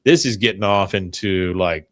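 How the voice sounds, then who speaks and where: A man's voice: low voice, normal speed, dry recording, clean studio sound. A man co-hosting a podcast, casually retelling scenes and quoting the dialogue, with lots of fillers. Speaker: podcast co-host. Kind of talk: casual episode recap.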